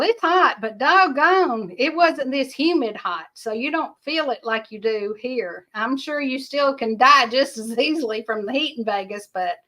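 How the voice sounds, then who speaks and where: A woman's voice: high-pitched, bright, forceful tone. An older woman, hosting a rambling livestream, chatting casually and answering viewer comments in a folksy way. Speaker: livestream host.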